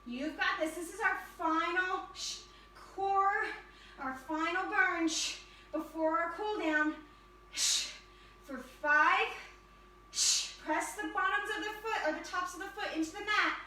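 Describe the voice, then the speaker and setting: A woman leading an energetic yoga fitness class, cheering and counting down reps, slightly out of breath. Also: extremely high pitch, unhurried, a little hiss or hum. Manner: upbeat, encouraging, counts down reps. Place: yoga studio. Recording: echoey room from a distance.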